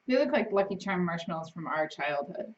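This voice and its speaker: A woman co-hosting a casual live stream from a home studio, playful and quick to laugh. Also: on the low side, expressive. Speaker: co-host of a ranch live stream. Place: seated on a small love seat in a home studio. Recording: dull, distant mic.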